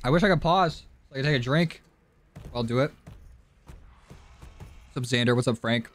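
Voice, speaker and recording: A man's voice: medium pitch, moderate pace. Chatty male game streamer. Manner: chatty, with sudden excited yelps. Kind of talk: live gameplay commentary. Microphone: studio dynamic mic.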